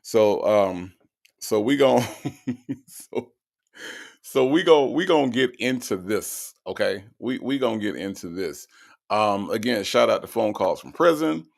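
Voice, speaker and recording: A man's voice: on the low side, lively intonation, slow pace, gravelly. A man hosting a live stream, reading out chat comments and teasing in a drawling, repetitive way. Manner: drawling, repeats himself, teasing. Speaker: host.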